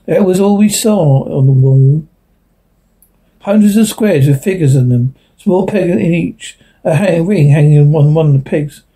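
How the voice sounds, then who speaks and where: A man's voice: on the high side, a little slow, warm tone, husky, poor audio. A man reading a science fiction story aloud, stumbling and restarting now and then. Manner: unpolished reading with slips and restarts. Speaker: narrator.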